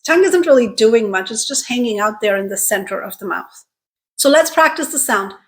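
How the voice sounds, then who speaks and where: A woman with a somewhat high voice leads a pronunciation lesson. She talks straight to her viewers in an encouraging, clear way and slows down to stretch out the sounds she models. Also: lively intonation. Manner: clear, deliberate teaching with drawn-out model sounds; encouraging, direct address to viewers. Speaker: accent coach.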